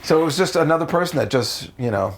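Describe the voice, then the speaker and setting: A man from the United States, a comedian telling stories in a casual interview, animated and profane. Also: fast talker, creaky, slight background noise. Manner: animated, profane, jumps into high voices for quotes. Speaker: comedian guest.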